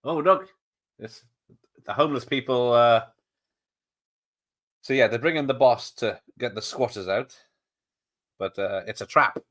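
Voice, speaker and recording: A man's voice: mid-range voice, unhurried, pauses often, fairly bright tone. A man streaming a watch party, chatting casually, laughing often and replying to viewers. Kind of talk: casual live commentary.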